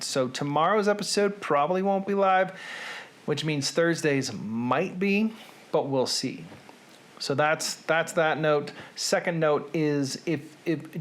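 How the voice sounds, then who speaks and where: A man with a Southern US accent hosting his own show, talking casually in a rambling, deadpan, self-deprecating way from a small room at home. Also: fairly high pitch. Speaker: show host. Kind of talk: casual monologue to camera.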